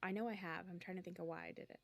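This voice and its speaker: A woman's voice: on the low side, fairly even intonation, racing, no echo, clean studio sound. A woman co-hosting a book podcast, chatting casually and asking follow-up questions. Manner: upbeat, asks follow-up questions. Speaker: podcast co-host. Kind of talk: casual chat.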